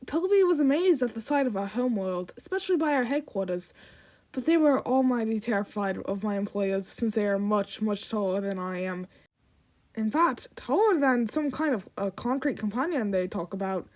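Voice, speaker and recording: A woman's voice: on the high side, animated, normal speed, a little mellow, close to an everyday voice. A woman doing a prim, formal storyteller figure. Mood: reverent.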